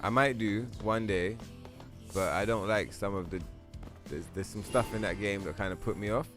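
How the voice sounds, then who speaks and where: A man's voice: lowish voice, normal speed, over music. A man hosting a game livestream, telling rambling, profanity-filled stories and chatting casually with viewers. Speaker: livestream host. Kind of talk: casual gameplay stream chat.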